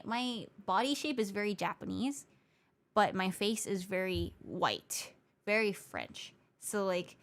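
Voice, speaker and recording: A Hawaiian woman who streams as a VTuber talks casually with her audience, reading their comments aloud and answering them. She code-switches between English and Japanese mid-sentence, patiently repeats her points, and speaks at a medium pitch.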